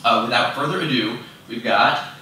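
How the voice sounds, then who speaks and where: At a moderate pace, the young man's medium-pitched voice comes across pushed and bright as he gives a casual, self-mocking conference talk full of fillers. Moving about a large conference room away from the fixed microphone, he is recorded from a distance, roomy and off-mic at times.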